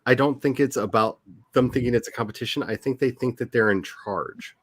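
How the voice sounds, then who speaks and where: A man hosting a casual talk among writers, chatty and animated, often restarting his sentences. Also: medium pitch, fairly quick, no room sound. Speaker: author and channel host. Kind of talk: casual chat.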